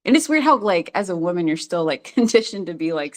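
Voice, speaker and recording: A woman's voice: on the low side, big pitch swings, quick pace. A woman telling her own story as a podcast guest, chatty and full of fillers, often laughing as she goes. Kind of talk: casual storytelling.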